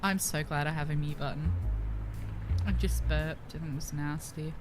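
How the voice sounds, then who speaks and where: A young woman streaming a visual novel, giggly, excitable and swearing freely as she reacts. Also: sits low, moderate pace, over music. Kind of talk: let's-play commentary.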